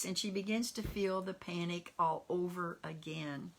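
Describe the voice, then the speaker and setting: A woman minister delivering a sermon, telling a story dramatically and dropping into hushed, whispered lines. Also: fairly low pitch, steady tone, measured pace, few pauses.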